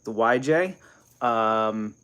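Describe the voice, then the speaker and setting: A man's voice: on the low side, very slow, a bit bright, smooth. A young man from New Jersey hosting a casual live stream, rambling and chatting while he reads viewer comments and greets people.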